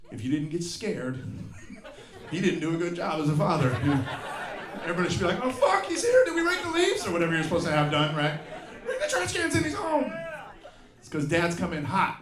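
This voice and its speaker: Man in his fifties, slightly high voice, profane ranting stand-up, roomy venue, loud crowd laughter. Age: 50s. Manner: profane, exasperated ranting with mocking put-on voices. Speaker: stand-up comedian. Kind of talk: stand-up comedy set. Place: live comedy venue with audience.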